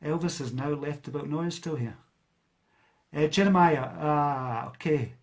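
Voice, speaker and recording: This self-help speaker from Scotland, who comes from near a big city, talks at a moderate pace in a slightly high voice. On his live stream he reads viewers' comments aloud and responds, chatting casually with plenty of fillers and false starts.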